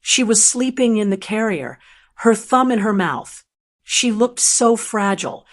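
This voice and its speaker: An older woman narrating a first-person family drama story in a calm, measured voice. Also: on the high side.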